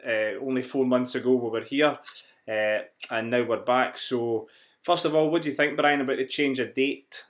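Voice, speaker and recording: A man with a West of Scotland accent, hosting an interview in a friendly, measured way with some fillers. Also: mid-range voice, steady tone. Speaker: host.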